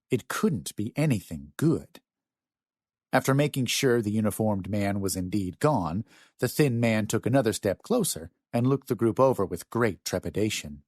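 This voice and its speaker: A male audiobook narrator with a lowish voice that rises and falls with lively storytelling. The recording is dry and close, with no room sound behind him. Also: normal speed, no echo. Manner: expressive storytelling. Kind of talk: scripted narration.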